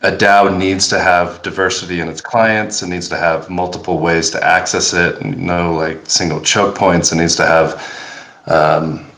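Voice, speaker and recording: A man's voice: low voice, steady tone, measured pace, a bit bright. A man co-presenting at a tech event and opening the floor to questions, talking in a rambling, hesitant, self-deprecating way. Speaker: co-presenter and moderator. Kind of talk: casual conference talk. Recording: roomy echo.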